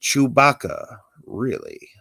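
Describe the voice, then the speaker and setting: A man's voice: medium pitch, slow pace, gravelly, slightly rough, no echo, full character voice. Obi-Wan, a man reading a wry Jedi. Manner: sardonic, lively delivery. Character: dry-witted exiled male Jedi master. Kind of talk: amateur script read-through.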